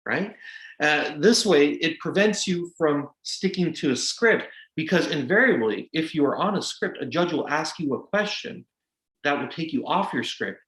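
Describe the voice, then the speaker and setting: A man's voice: a little high, animated, moderate pace, a bit bright. A man in his forties, a lawyer and guest speaker, giving practical advice in a casual, self-deprecating way with many fillers. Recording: roomy echo.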